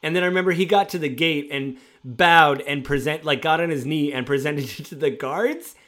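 A man's voice: a little high, moderate pace. Male former game master, casual storyteller, acts out quotes. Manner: animated retelling, acts out players' quotes.

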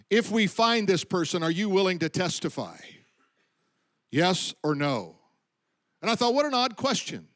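A man with a high voice preaches a sermon. He speaks with emphasis, slows down on his key points, and lets his voice fall low at the ends of lines. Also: fairly bright tone. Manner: emphatic preaching, slowing for stress and dropping low at line ends. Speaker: pastor.

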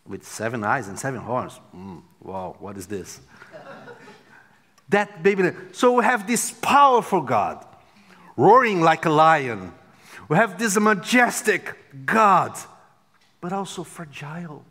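Slow, high-voiced man preaching in a hall. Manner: dramatic swings between loud exclamations and near-whispers. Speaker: pastor. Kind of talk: sermon. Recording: long hall reverb.

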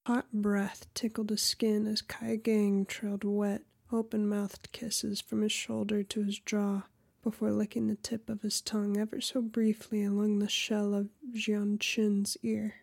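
Gravelly, slow woman narrating softly. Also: medium pitch, monotone, dry recording, studio quality. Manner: soft, often half-whispered reading. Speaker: audiobook narrator. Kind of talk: erotic audiobook narration.

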